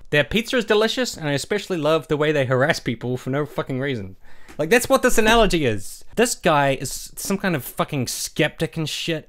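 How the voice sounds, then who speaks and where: Profane, sarcastic ranting man. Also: on the high side. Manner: angry, sarcastic, heavily profane. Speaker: YouTuber. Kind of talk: profane rant vlog.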